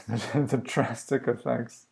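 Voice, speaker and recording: A man streams himself coding and talks through each step at an unhurried, slow pace. His voice has a gravelly, creaky edge, and he muses and questions himself as he goes. He is recorded close on a desk microphone. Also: mid-range voice, darkish tone. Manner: musing, halting, self-questioning. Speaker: livestream coder. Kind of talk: thinking aloud while live coding.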